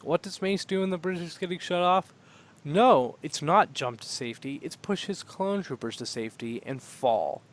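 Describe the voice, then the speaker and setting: A man's voice: fairly high pitch, moderate pace. Chatty young man on a podcast. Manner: rambling, laughs often, acts out silly droid voices. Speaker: podcast co-host. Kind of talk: casual chat.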